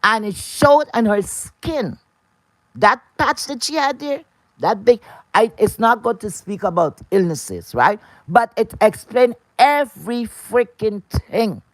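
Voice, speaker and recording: A woman's voice: a little high, no echo. Woman, live streamer, profane rant, repeats herself, dry recording. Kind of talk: casual ranting livestream talk.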